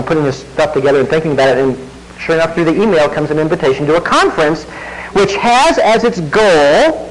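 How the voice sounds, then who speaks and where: Conversational preacher, slightly high-voiced man. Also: a little hiss or hum, rough recording. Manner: conversational, wry asides. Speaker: pastor. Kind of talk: sermon.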